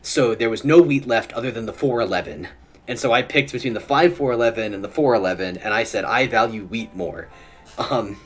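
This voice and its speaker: A man's voice: medium pitch, a little fast. A young man streaming, giving casual commentary while he plays, muttering to himself and chuckling often. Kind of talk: casual live gameplay commentary. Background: faint music.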